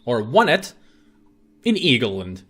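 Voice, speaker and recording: A man's voice: mid-range voice, huge pitch swings, measured pace, fairly bright tone, breathy edge. Playful man doing let's play commentary. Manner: playful, jokey, reads game text aloud. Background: game music.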